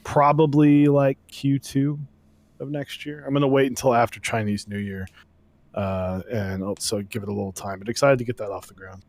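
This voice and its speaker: A man's voice: medium pitch, steady tone, moderate pace, darkish tone, no echo. A man co-hosting an online show, chatting casually and hesitantly, often repeating words. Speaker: podcast co-host. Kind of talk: casual chat.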